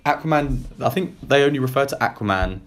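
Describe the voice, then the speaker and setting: A man with a slightly croaky voice, hosting a casual film review podcast in a relaxed, chatty way. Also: medium pitch, fast. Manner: relaxed, chatty, self-deprecating. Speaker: podcast host. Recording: faint background noise.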